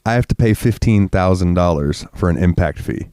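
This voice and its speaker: A deep, mellow voice with a clear, resonant tone comes through at normal speed in a clean, echo-free studio recording. The speaker, a sick man from Florida, co-hosts a podcast in casual chat, rambling, cursing freely, and growing agitated in his rants.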